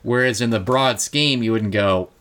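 Halting co-host searching for words. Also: medium pitch, fairly bright tone. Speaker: podcast co-host. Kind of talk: casual chat.

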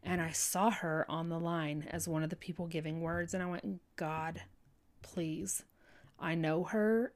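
A woman telling a heartfelt personal faith story in an earnest, halting way, full of restarts and fillers like "you know". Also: fairly low pitch, fairly even intonation.

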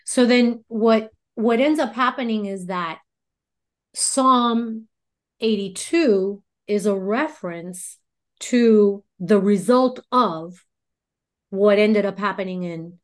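Woman host, casual chat, playful, curious questions, mid-pitched voice. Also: takes it slowly. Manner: chatty, playful, asks questions.

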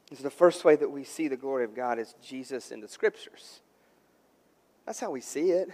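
A man in his thirties preaching a sermon as pastor, emphatic and swelling louder and softer, often stammering and restarting phrases. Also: medium pitch, animated, moderate pace, long reverb tail.

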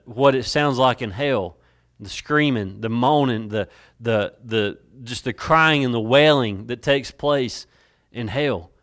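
Brief: male preacher, church sermon, dramatic swings from hushed to loud, mid-pitched voice. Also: smooth. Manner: dramatic, varying loudness, drawn-out emphasis; repeats words and restarts while building a point. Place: church sanctuary. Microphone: worn mic.

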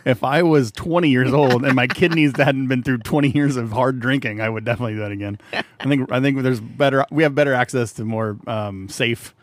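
A man's voice: mid-range voice, a little fast, no room sound. Laughing, swearing man in his forties. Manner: laughing storyteller, swears a lot, rambling. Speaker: podcast co-host. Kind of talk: casual banter.

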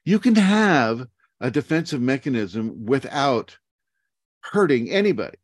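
A man's voice: mid-range voice, unhurried, dry recording. Chuckling man teaching on a call. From United States. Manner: rambling, chuckling often, animated asides. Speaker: spiritual teacher. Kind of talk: casual teaching talk on a video call. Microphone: video call.

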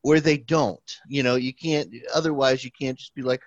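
A man's voice: mid-range voice, lively intonation, normal speed, few pauses, dry recording. A man co-hosting a podcast, chatting casually and making wry, sarcastic asides. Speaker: podcast co-host. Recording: dry, dull lo-fi mic.

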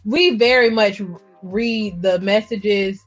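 A woman's voice: mid-range voice, slow, soft background music. A woman co-hosting a casual chat podcast, teasing her friend and acting out text exchanges. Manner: lively, teasing storyteller who acts out texts. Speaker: podcast co-host.

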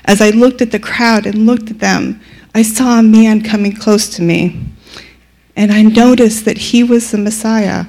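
A woman plays a widowed mother mourning her only son, telling her story in a sorrowful dramatic monologue. Her voice is mid-pitched. She speaks slowly and with weight. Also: steady tone, vocal fry, darkish tone. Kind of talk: first-person dramatic monologue.

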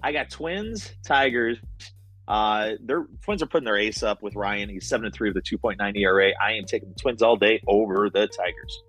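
A man's voice: on the low side, a little fast, fairly bright tone. A man co-hosting a casual sports betting chat, laid-back and chuckling often, with faint music underneath. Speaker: co-host.

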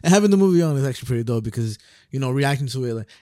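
A young man talks in a laid-back, rambling way on a podcast, with a mid-pitched voice and plenty of swearing. The sound is dry and close, with little room echo. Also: lively intonation, very fast, mellow. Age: young adult. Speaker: podcast co-host. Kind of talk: casual chat.

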